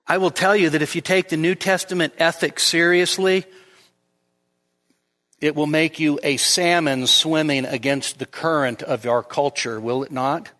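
High-voiced pastor preaching in reverb. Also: male voice, fairly even intonation, unhurried, bright, forceful tone. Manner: emphatic, rises sharply on quoted lines. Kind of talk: expository sermon. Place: church sanctuary. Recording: long church reverb.

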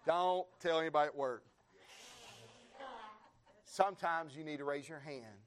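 An American man preaching a sermon in a church, building his repeated phrases up into fervent shouts while the congregation answers with amens. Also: fairly high pitch, a little slow. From United States. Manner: rising to fervent shouts, repetitive rhythmic phrasing.

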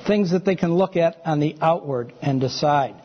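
A man's voice: fairly high pitch, moderate pace, highs cut off, slight background noise. A man giving a sermon-style teaching lecture to a congregation, conversational, often checking in with his listeners. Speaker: preacher.

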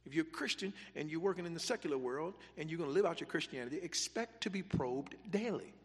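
A man's voice: fairly high pitch, expressive, fast. Emphatic preacher man in a reverberant hall. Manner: emphatic, repetitive call-and-response preaching. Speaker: pastor. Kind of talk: sermon.

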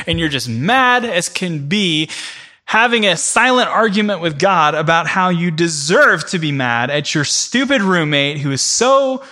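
Male preacher with a slightly high, forceful voice, storytelling casually to a congregation. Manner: vivid storytelling in the second person, addressing the room directly. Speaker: preacher teaching a church class. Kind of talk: conversational teaching before a congregation.

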